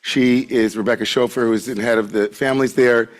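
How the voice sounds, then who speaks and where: A man of medium pitch leads a Friday service, greeting newcomers and reading out announcements. He keeps it loose and chatty, joking with the room and leaning on filler words. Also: fairly even intonation, a little fast. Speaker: service leader at a congregation. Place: sanctuary with a congregation present.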